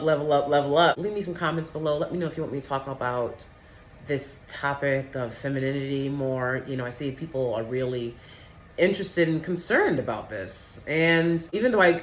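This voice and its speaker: A low-voiced woman giving a candid, casual vlog monologue, animated and quick to laugh. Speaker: vlogger.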